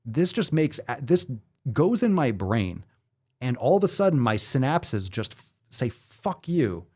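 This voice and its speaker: A man's voice: medium pitch, big pitch swings, a little slow, darkish tone, breathy edge. A man hosting a fitness show, ranting with profanity, incredulous and full of rhetorical questions. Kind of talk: ranting commentary.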